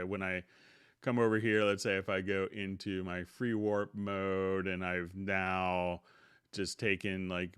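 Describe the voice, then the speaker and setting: Slow, deep-voiced male stream host. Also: clear, resonant tone, no echo, studio quality. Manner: relaxed, unhurried, greets viewers by name. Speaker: host of a live software tutorial stream. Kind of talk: casual live-stream chat and tutorial.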